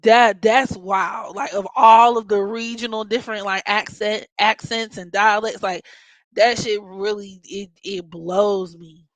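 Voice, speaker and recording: A woman's voice: mid-range voice, fairly even intonation, a little slow, no echo, low-quality recording. Blunt, joking woman with a Baltimore accent. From Maryland. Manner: blunt, profane, joking, playful mock voices. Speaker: astrology podcast host. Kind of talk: casual chat.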